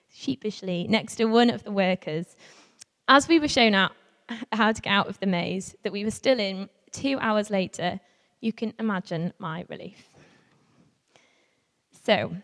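A woman who works with young carers tells a lively, self-mocking story to a live audience, laughing as she goes. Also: medium pitch. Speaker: young carers worker giving a talk. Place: large hall with a live audience. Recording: long reverb in a large hall.

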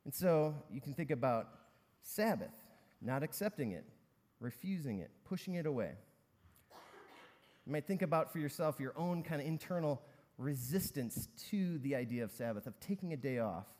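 A man's voice: fairly high pitch, animated, moderate pace, darkish tone. A man preaching a sermon, talking conversationally and telling a story with many fillers. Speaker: pastor. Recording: long reverb in a large hall.

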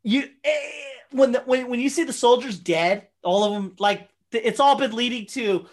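A woman in casual conversation, talking excitedly with lots of filler words and swearing. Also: a little high, normal speed. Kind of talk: casual chat about a movie.

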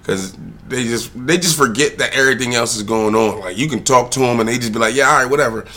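A man's voice: medium pitch, a little fast. A man telling a rambling, profane story straight to the camera, drifting into a heated rant. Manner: swears freely, digresses, rants loudly at times. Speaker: father talking to camera.

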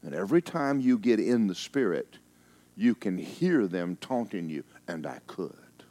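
A male pastor delivering a sermon, telling stories in a folksy, teasing way, with emphatic stretches and hushed asides. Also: sits low, expressive, measured pace. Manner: emphatic, storytelling preacher who drops into hushed asides.

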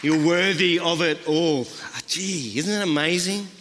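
A man's voice: fairly high pitch, a little slow, crowd noise, noisy background. A man preaching a sermon as a guest speaker, earnest and repeating phrases for emphasis. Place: church. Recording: long church reverb.

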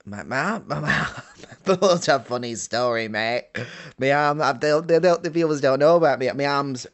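A comedy host who trips over his own words, repeating himself and bluffing his way along. He has a medium-pitched male voice and a boastful, blustering manner. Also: moderate pace, a bit bright. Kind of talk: improvised comedy chat.

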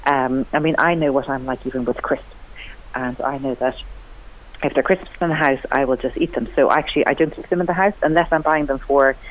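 A woman's voice: rumbling low, fairly quick. An enthusiastic woman talks about cooking as a guest on a radio show. Her voice jumps up for emphasis as she chats. The sound is dull and lo-fi, like an old broadcast. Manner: chatty, enthusiastic, lively rising emphasis. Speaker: cookery writer and TV cook, guest. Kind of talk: radio interview chat.

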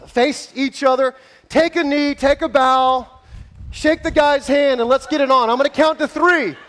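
A man pastor running a playful contest in front of his church, joking and shouting with excitement, then winding down out of breath with a scratchy throat. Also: very high voice, a little slow. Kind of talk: lively church service hosting. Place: large church hall with congregation.

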